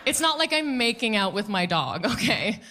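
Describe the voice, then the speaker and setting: Bright-voiced woman doing stand-up. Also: on the high side, normal speed. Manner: animated, acts out quotes in put-on voices. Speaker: stand-up comedian. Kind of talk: stand-up comedy set. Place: comedy club stage with a laughing audience.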